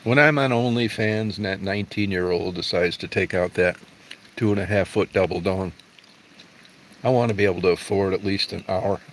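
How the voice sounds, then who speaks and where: In a casual livestream chat, a middle-aged host answers viewers with blunt, profane, rambling talk. He has a low-pitched voice and a moderate pace, captured in a low-quality recording with a bit of hiss or hum.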